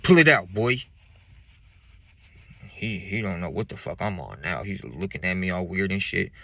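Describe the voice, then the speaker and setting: A man's voice: low-pitched, a little fast, creaky, fairly bright tone. A man telling a story from his life in blunt, profane street slang. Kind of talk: casual spoken storytelling.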